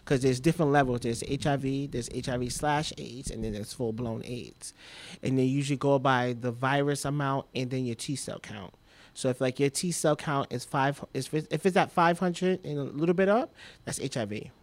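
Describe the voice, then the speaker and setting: A man's voice: medium pitch, normal speed, dry recording. A young man telling a personal story as a podcast guest, rambling and repeating himself, leaning on "like" all the time. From Trinidad.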